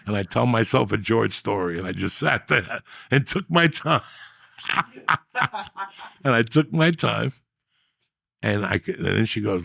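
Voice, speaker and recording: Gravelly profane male storyteller. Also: on the low side, normal speed, dry recording, clean studio sound. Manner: profane, animated street storyteller. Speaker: podcast host. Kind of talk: casual storytelling.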